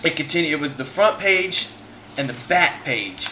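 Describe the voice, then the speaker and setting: Bright-voiced man telling a story. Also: fairly high pitch, expressive, moderate pace, a little hiss or hum. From Southern United States. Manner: earnest, rambling, many restarts. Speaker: podcast host. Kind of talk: casual podcast storytelling.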